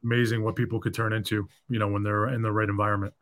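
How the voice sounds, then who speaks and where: A man's voice: lowish voice, level tone, racing, fairly bright tone. Affirming, enthusiastic male podcast host. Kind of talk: casual interview chat.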